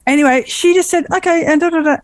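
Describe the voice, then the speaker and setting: A woman co-hosting a podcast, chatting casually and telling animated stories with playful voices. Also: high voice, quick pace, dry recording. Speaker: podcast co-host. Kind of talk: casual chat.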